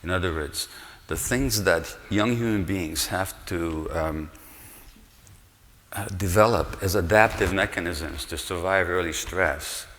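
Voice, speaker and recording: A man's voice: low voice, measured pace, a bit bright, a little hiss or hum. An older man giving an earnest conference lecture in a large hall, explaining and posing rhetorical questions to the audience. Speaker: conference speaker, physician. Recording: long hall reverb.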